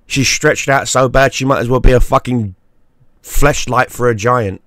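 A man's voice: mid-range voice, steady tone, normal speed, a bit bright. Crude, mocking man ranting. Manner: crude, mocking, repeats himself. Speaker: YouTube gaming creator. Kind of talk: profane ranting monologue.

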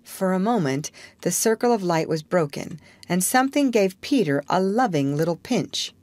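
A woman narrating a storybook audiobook for English learners with clear, measured storytelling. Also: lowish voice, animated, darkish tone, no echo.

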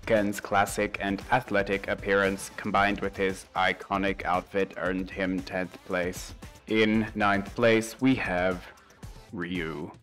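A man putting on a slow, monotone robot AI voice to announce a countdown with deadpan delivery. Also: sits low, soft background music. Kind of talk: mock robot voice reading a countdown.

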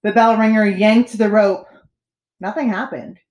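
A woman teacher reading a children's storybook aloud with expressive, animated storytelling. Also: medium pitch, measured pace, echoey room.

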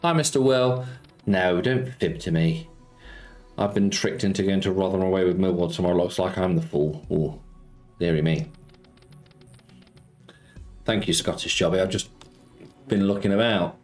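A man's voice: sits low, moderate pace, long pauses, darkish tone, faint music behind. A man streaming casino slots, chatting casually and greeting viewers by name as he banters about football. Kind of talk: casual live-stream chat.

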